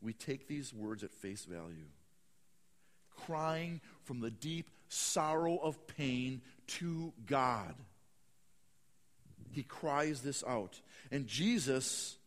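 A man preaching a sermon, swinging from hushed, slow lines to loud, dramatic bursts. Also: medium pitch, lively intonation, big-room sound. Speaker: pastor.

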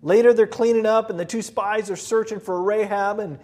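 Male pastor, high-pitched, lively storyteller sermon. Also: moderate pace. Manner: animated storytelling, acts out voices.

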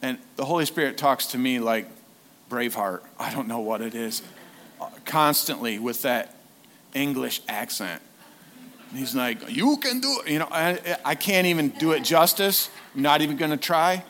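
A man's voice: mid-range voice, normal speed, fairly bright tone, slight background noise. A man preaching a sermon in a casual, conversational way, often asking the congregation questions. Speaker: lay preacher, former youth leader.

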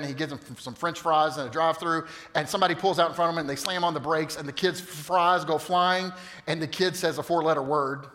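A pastor in his fifties delivers a sermon, moving from loud, emphatic bursts to quiet, hushed moments. His voice sits a little high for a man. The long reverb of a large hall trails after his words. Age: 50s. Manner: animated storytelling, swings from loud to hushed.

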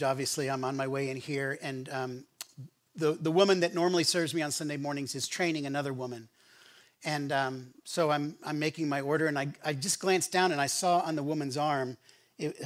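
Male pastor, slightly high voice, chatty storytelling sermon, stumbles and restarts often. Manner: storytelling, conversational with many restarts. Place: church sanctuary.

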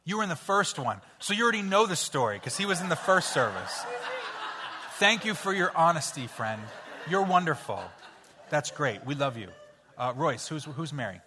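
A man leading an interactive children's Bible story in church, playful and coaxing as he cues the kids to shout sound effects. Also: fairly high pitch, expressive, moderate pace, slight background noise. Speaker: children's pastor. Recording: hall reverb with faint music.

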